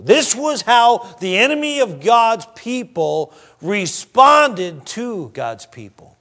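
A man preaching in a church, his voice pitched high for a man. He reads scripture slowly and deliberately, then drops to quiet asides before rising again with emphasis. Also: very animated. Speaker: pastor. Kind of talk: sermon.

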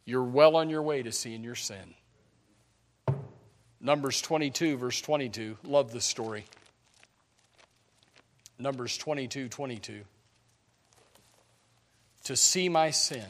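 A man preaching a sermon in an animated, emphatic way, often repeating words as he starts a sentence. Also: mid-range voice, slow, long pauses. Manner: animated, emphatic preaching with sudden loud peaks.

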